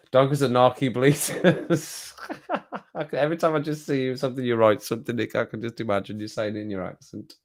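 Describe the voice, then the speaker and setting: A man's voice: mid-range voice, steady tone, normal speed, pauses often. Chatty man hosting a live stream. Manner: chatty, reads viewer comments aloud and laughs often. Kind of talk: casual live-stream chat.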